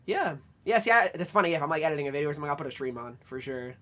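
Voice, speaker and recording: Young male podcast co-host, fast and chatty, slightly high, bright tone. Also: expressive. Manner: quick, chatty, laughs often. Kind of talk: casual podcast chat.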